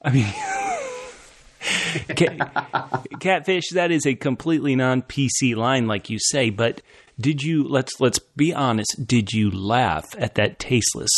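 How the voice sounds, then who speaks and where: A man co-hosting a casual fan discussion show, animated and laughing often, restarting his phrases as he talks. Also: medium pitch, slow, husky, no echo, studio quality. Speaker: podcast co-host.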